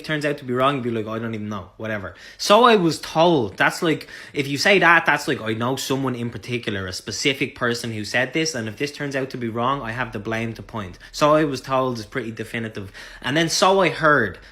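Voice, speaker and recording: Bright-voiced young Irish man, deadpan comedy. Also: medium pitch. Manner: mock-serious advice, casual swearing. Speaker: comedy sketch creator. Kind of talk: deadpan comic monologue.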